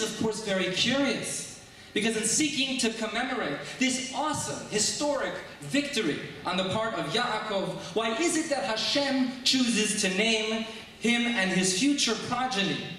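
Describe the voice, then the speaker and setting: A man preaching a sermon as a rabbi, telling stories and posing rhetorical questions with measured emphasis. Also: sits high, bright, forceful tone, a little hiss or hum. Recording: echoey hall, mic far off.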